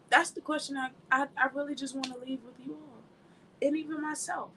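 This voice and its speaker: Woman minister, high bright voice, emphatic and chatty, mixes preaching with personal stories. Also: fast, a little hiss or hum, rough recording. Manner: emphatic, conversational, laughs while telling stories. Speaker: ministry speaker. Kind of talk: informal sermon with personal anecdotes.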